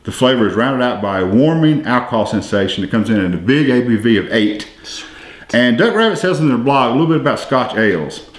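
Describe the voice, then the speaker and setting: Reading brewery notes aloud in an echoey room, this beer-tasting podcast host keeps things chatty and easygoing, his expressive, medium-pitched voice running a little fast.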